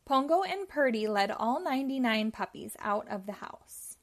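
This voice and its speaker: A woman reading a children's storybook aloud, telling it clearly and expressively. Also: fairly high pitch, expressive, moderate pace. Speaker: storybook reader.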